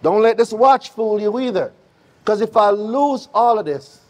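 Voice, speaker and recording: A middle-aged man with a Jamaican accent, speaking live on a conference stage with an energetic, preachy manner that calls out to the audience. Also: sits high, unhurried. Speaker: guest speaker.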